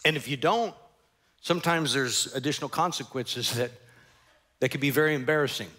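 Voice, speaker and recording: A man's voice: mid-range voice, a little fast, sharp tone. A male pastor preaching a sermon, telling a story animatedly and acting out characters and sound effects.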